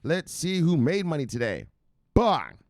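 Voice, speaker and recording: A man's voice: lowish voice, sing-song, moderate pace, dry recording. A man hosting a casual crypto news show, playful and loose, chanting sing-song refrains and swearing freely. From United States. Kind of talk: casual market commentary.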